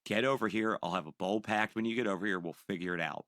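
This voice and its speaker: A young man on a podcast telling a profane, animated story and acting out the people in it. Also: on the low side, quick pace, no echo, clean studio sound. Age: young adult. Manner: animated, profane, acts out quoted voices. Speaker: podcast co-host. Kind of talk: casual storytelling.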